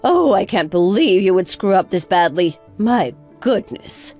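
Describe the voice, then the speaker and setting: A woman's voice: medium pitch, animated, unhurried, mellow, faint music behind. A woman voicing a bossy, harsh older mother-in-law who talks in a sarcastic, cutting way. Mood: scornful. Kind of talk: narrated text-story drama.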